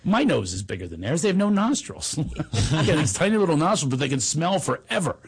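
An animated male podcast host spins a comic story in casual chat. His fairly high voice swings widely and has a husky edge. He bursts into exclamations and acts out the people in it. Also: fairly quick. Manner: animated, jumps into exclamations and acted quotes.

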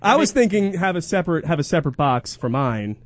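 A man's voice: fairly high pitch, big pitch swings, a little fast, dry recording. A young man co-hosting a radio show, rambling and self-interrupting through casual banter and ad reads.

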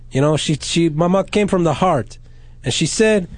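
A man's voice: on the high side, normal speed, hardly any pauses, dry recording. A man hosting a radio call-in show, rambling and joking crudely with his studio crew. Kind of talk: loose profane radio banter.

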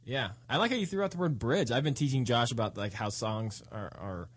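A man co-hosting a comedy show, telling anecdotes in an excitable, rambling way. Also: mid-range voice, husky. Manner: excitable, fast anecdotes with many "like" fillers. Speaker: comedian and musician, show co-host. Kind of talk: casual comedic storytelling.

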